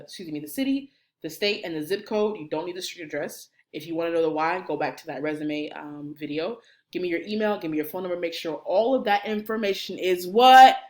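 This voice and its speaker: A woman, a college career services director, coaching viewers through cover letters on camera in an animated, playful way, talking straight to the viewer. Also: lowish voice. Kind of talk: energetic instructional video.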